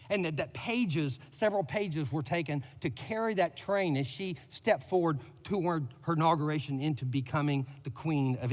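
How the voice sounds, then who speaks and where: Emphatic male pastor in a reverberant hall. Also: fairly high pitch. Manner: emphatic preacher, voice swells on repeated words. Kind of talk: sermon. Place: church sanctuary.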